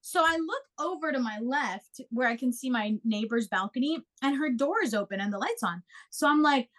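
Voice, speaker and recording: A young woman with a high voice tells her co-hosts a story at a moderate pace in loose, casual chat. Animated and freely swearing, she slips into voices for every quote.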